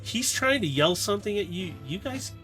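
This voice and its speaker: A man's voice: high voice, animated, moderate pace, bright, forceful tone. Man narrating a tabletop game. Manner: loose, rambling scene narration with acted asides. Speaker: game master. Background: faint fight music.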